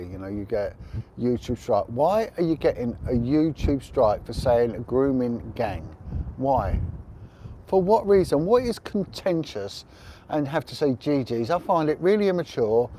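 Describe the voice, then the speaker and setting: Middle-aged guy rambling on a live stream outside, dark mellow voice, faint wind hiss. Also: medium pitch, expressive, moderate pace. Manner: chatty, rambling, blunt opinions. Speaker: livestream host. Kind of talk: casual livestream monologue. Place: outdoors on a windy rooftop.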